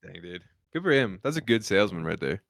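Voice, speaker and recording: Young male co-host, very low smooth voice, close dry mic, relaxed rambling. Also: fast talker, no room sound. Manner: laid-back storytelling with frequent "like" and laughter-prone asides. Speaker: podcast co-host. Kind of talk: casual comedic chat.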